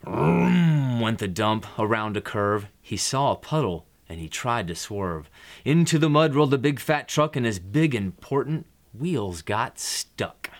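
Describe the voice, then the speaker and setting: Low-voiced man reading a picture book aloud. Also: animated, unhurried.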